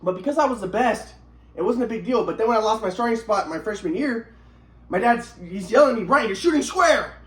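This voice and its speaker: In an echoey space, a high-pitched vlogger talks at a quick pace through a personal story. He's worked up, swears frequently, and often restarts or repeats his sentences.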